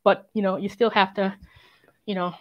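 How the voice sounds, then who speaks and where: A woman who is a crime writer, speaking as an interview guest, reflective and earnest, often filling pauses with "um" and "sort of". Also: mid-range voice, level tone, highs cut off. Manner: reflective and earnest, many fillers and "sort of" hedges. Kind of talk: conversational interview.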